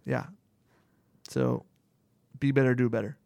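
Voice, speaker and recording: A man's voice: medium pitch, measured pace, gravelly, a little mellow, clean tone, no echo. A man with a Southern American accent, co-hosting a casual sports podcast and breaking down the players with lots of "you know" fillers.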